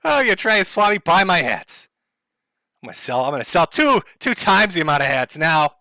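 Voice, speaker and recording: A man's voice: high-pitched, sing-song, normal speed, creaky, long pauses, pushed and bright, dry recording, studio quality. A man talking casually on a live stream, sardonic and mock-dramatic, laughing often. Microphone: headphones and desk mic.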